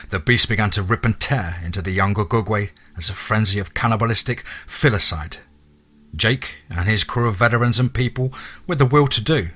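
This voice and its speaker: A man narrating a monster horror story in a steady, dramatic reading. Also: fairly low pitch.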